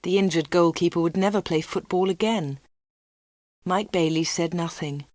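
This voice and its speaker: Female narrator for a learner's storybook, steady clear reading, dry. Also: fairly low pitch, moderate pace, no echo.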